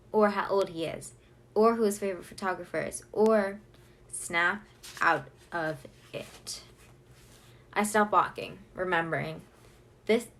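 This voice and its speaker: Woman, audiobook narrator, first-person novel, expressive, lower voice. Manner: expressive, lively reading. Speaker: audiobook reader.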